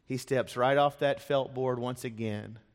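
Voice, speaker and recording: A man with a mid-range voice and fairly even intonation delivers a sermon a little slowly. As pastor, he narrates dramatically, voicing the people in the story. The church sanctuary lends a long reverb to the recording.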